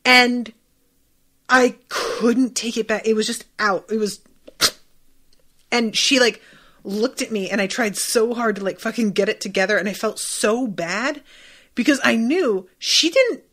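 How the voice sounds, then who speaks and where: Woman podcaster, unhurried, fairly high voice, chatty and profane recap host. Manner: animated, profane, bursts into laughter. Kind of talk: casual recap chat.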